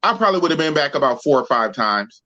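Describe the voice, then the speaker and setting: A man's voice: on the high side, sing-song, fast talker, bright, forceful tone, muffled recording. A man from Oakland, California, hosting a podcast in slangy, playful casual chat. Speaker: podcast host.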